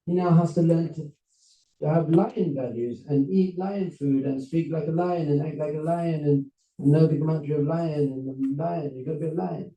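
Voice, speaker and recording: A man, a rabbi, giving an animated storytelling talk to a seminar audience, acting out characters as he goes. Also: on the high side, normal speed, reverberant, far from the mic, highs cut off. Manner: animated, acts out characters with voices and laughs. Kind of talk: lively storytelling lecture.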